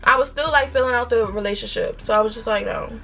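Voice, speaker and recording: A woman in her twenties with a New York accent, telling a storytime vlog in an animated, emphatic way with rhetorical questions. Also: a little high, quick pace, creaky, faint music behind. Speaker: vlogger.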